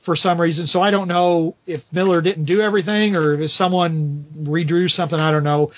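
A man's voice: fairly high pitch, fairly even intonation, a little fast. A man hosting a podcast who rambles chattily through a casual comic-book recap, filling his talk with "you know.". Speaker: podcast host. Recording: dull lo-fi audio.

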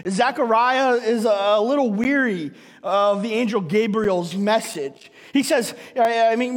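A man's voice: very high voice, moderate pace, hardly any pauses. A male pastor preaching a sermon in a conversational, playful way, tagging his sentences with "right?". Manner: conversational, punctuates nearly every sentence with "right?"; playful, acts out scripture scenes. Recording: long reverb of a large hall.

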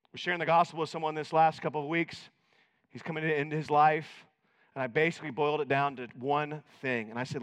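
Male pastor, slightly high voice, dramatic sermon delivery, long church-hall reverb. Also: steady tone, quick pace, clean tone. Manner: dramatic, swinging from shouted to hushed.

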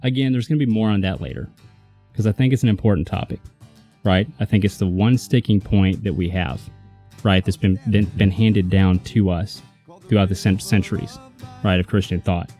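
A man's voice: sits low, normal speed, warm tone, soft background music. A man teaching a Bible lesson in a casual, emphatic way, often checking in with his listener. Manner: conversational, emphatic, checks in with "right?".

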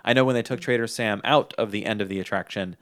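A man's voice: lowish voice, quick pace, fairly bright tone. A man hosting a podcast in casual chat, easygoing and a little rambling, with chuckles. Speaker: podcast host.

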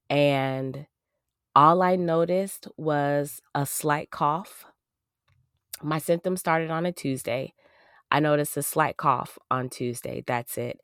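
A woman hosting a casual podcast, her voice hoarse and nearly gone from coughing, chatty and repeating herself. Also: low voice, a bit bright, no room sound, clean studio sound. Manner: chatty, repeats herself, laughs between thoughts. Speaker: podcast host.

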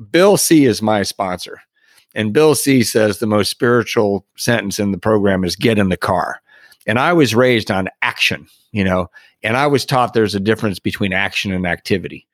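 A middle-aged man with a lowish voice appears as a podcast guest, earnestly sharing a personal recovery story with reflective pauses and soft laughs. The recording is clean studio sound with no echo.

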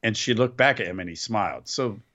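A man co-hosting a wrestling podcast, chatting casually and weighing his opinions out loud. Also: lowish voice, fairly quick, dull audio. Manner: reflective, weighs opinions aloud. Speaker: podcast co-host.

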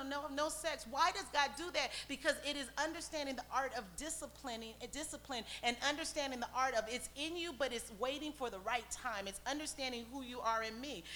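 A woman's voice: high-pitched, bright, forceful tone, a little hiss or hum. A woman pastor preaching a sermon, questioning the congregation and acting out the voices of people in a scripture story.

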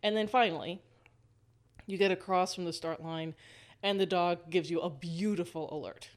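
A woman hosting a casual storytelling monologue, lively, laughing often and walking the listener through a scene. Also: on the low side, moderate pace.

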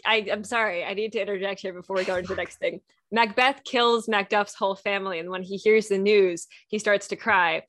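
Woman podcast host, casual, eager, quick asides. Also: medium pitch, steady tone, fairly bright tone, a little hiss or hum.

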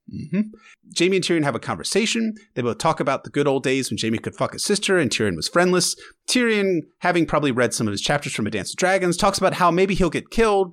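A man recaps an episode for his podcast in loose, casual chat, his voice sitting a bit high and bouncing through a wide, animated range. He mixes wry, sarcastic asides with frank emotional gushing. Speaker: podcast host.

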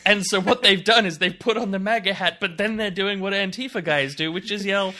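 A man's voice: high voice, brisk, sharp tone. A man co-hosting a podcast, making dry ironic jokes in casual political chat. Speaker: podcast co-host.

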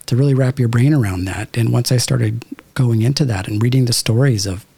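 His mid-range voice is gravelly, husky, and dark as he moves at a brisk clip, a thirty-something Southern Californian guesting on a podcast. He tells a casual, reflective spiritual story full of "like" and "you know," and the recording has no room sound.

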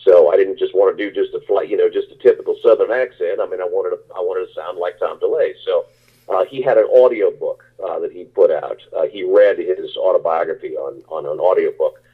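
A man's voice: sits low, brisk, breathy edge. A man, an actor, answering interview questions in a rambling, casual way with many restarts. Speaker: actor guest. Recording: tinny phone-like line.

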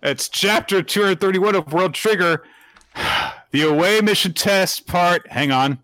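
A man's voice: sits high, a little slow, sharp tone, dry recording. A man co-hosting a podcast, chatting casually as he recaps manga chapters, with frequent restarts and laughs. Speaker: podcast co-host.

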